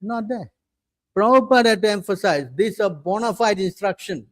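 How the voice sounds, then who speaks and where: A man's voice: sits high, lively intonation, a little fast, no echo. A man giving a scripture class as a preacher, insistent and hammering points home, constantly asking his listeners questions and demanding they listen. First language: English. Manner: insistent, repeatedly demanding attention.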